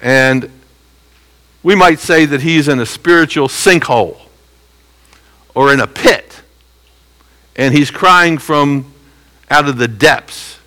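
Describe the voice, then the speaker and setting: A man teaching a Bible passage verse by verse in a conversational way, checking in with listeners and slowly repeating key phrases for emphasis. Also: on the high side, bright, forceful tone, rough recording. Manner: conversational teaching with frequent "okay?" check-ins.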